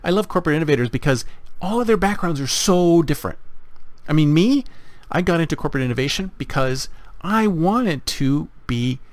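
A man's voice: a little high, expressive, a little fast, dry recording. A man hosting a podcast monologue, speaking emphatically and repeating phrases for effect. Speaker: podcast host.

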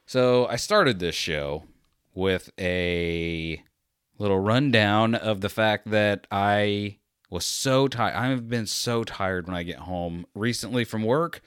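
A man's voice: fairly low pitch, a bit bright, smooth, no room sound, studio quality. A man hosting a solo podcast who talks in a casual, rambling, self-deprecating monologue. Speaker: podcast host.

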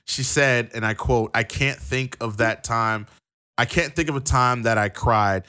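A man's voice: medium pitch, unhurried, pushed and bright. A man co-hosting a casual wrestling podcast who stammers and restarts, then reads long quotes aloud. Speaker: podcast co-host.

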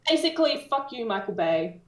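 A woman's voice: a little high, sing-song, fairly quick, roomy sound. A woman with an Australian accent co-hosting a podcast, ranting bluntly and swearing freely in casual chat. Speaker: podcast co-host.

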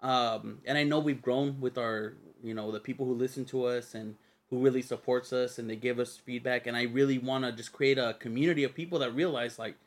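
A man's voice: medium pitch, steady tone, brisk. A young man co-hosting a podcast in casual chat, joking and swearing freely. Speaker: podcast co-host.

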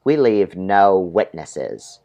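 A man with a loose British accent playing a polite, quietly unhinged young soldier who speaks in a prim, formal, emphatic way. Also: low voice, sing-song, slow pace, gravelly, muffled recording, full character voice. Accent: attempted British.

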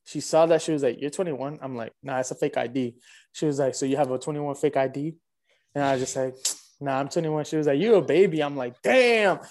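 A man, telling a dating story in a loose, animated, slangy way and acting out both sides of each exchange. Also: mid-range voice, fast. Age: 20s. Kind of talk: casual storytelling.

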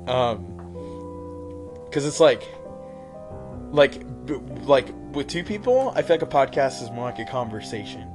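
Young male guest, sarcastic, loose rambling chat. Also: mid-range voice. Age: young adult. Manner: rambling, sarcastic, many fillers. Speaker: podcast guest, youth group leader. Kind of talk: casual chat.

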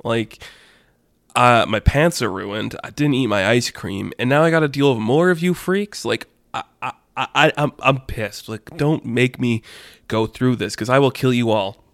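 A man's voice: mid-range voice, measured pace, no echo, natural voice. A man voicing an angry, short-tempered teenage boy vigilante in an exasperated growl, recorded dry. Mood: furious.

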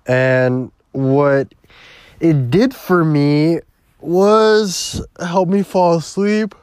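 A man's voice: a little high, very slow, a little mellow, clear, resonant tone, no room sound, clean studio sound. A young man hosting a solo podcast from his bedroom, rambling loosely and swearing constantly, sometimes dropping into a whisper. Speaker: podcast host.

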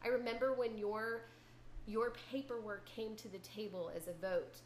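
A woman hosting a podcast in casual chat, animated, laughing often and swearing freely. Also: fairly high pitch, normal speed. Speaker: podcast host. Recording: echoey room with faint noise.

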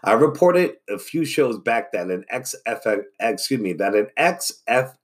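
A man's voice: mid-range voice, very animated, normal speed, husky. A man hosting a wrestling news podcast, reading reports casually and tripping over his words. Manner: stumbles over words and restarts.

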